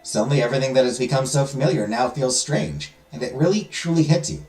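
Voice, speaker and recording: A man's voice: mid-range voice, quick pace, darkish tone. A man hosting a let's play, reading a visual novel aloud with dramatic storytelling and joking asides. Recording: roomy echo with music behind.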